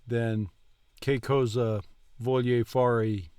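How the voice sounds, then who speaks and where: Guy learning a language, talks real slow and unsure, dry sound. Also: medium pitch, steady tone, mellow, clear, resonant tone, no echo. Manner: hesitant, slow with restarts and fillers. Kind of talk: casual lesson chat.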